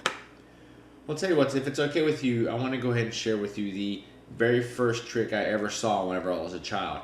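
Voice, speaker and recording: A man, a magician, presenting a quick gag tutorial to viewers in a friendly, direct way. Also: lowish voice. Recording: echoey room, faint noise.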